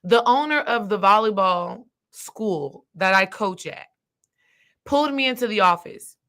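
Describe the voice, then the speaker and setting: A woman, a spiritual coach, telling a personal story in a casual monologue, emphatic and animated, speaking straight to her listeners. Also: medium pitch, unhurried. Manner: animated, acts out quoted dialogue; emphatic, addresses listeners directly.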